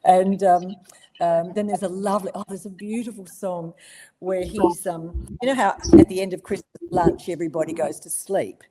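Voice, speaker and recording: An Australian voice actress in a casual interview, telling stories with ready laughter and plenty of ums and restarts. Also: female voice, fairly low pitch, fairly even intonation, moderate pace, very noisy. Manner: warm storytelling, laughs easily, many ums and restarts. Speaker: voice actress guest.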